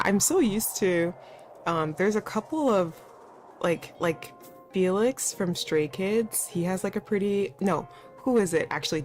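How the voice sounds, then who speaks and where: A woman streamer chatting casually while playing, often laughing and poking fun at herself. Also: lowish voice. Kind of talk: casual let's-play commentary. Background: faint background music.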